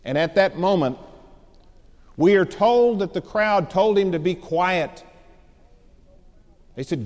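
A man's voice: on the high side, unhurried, pauses often, a little mellow. A man preaching a sermon, telling a story dramatically and acting out the voices of its people. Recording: long hall reverb.

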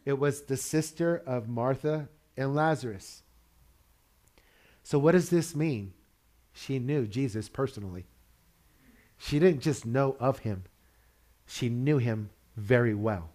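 A man's voice: medium pitch, measured pace, pauses often, darkish tone. Conversational man preaching a sermon. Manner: conversational preaching, chuckles, asks the room questions. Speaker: pastor.

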